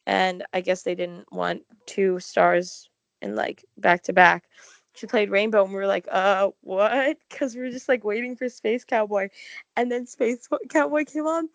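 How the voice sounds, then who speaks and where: A young woman co-hosting a casual chat, telling an excited, gushing story full of "like". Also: mid-range voice, moderate pace, gravelly, no room sound. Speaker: podcast co-host.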